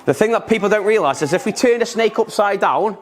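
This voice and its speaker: Excited man teaching about snakes. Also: high-pitched, quick pace, background noise. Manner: enthusiastic, repetitive explaining with a handling demo. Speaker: reptile keeper giving an animal talk. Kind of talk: live educational talk to children. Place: indoor museum room.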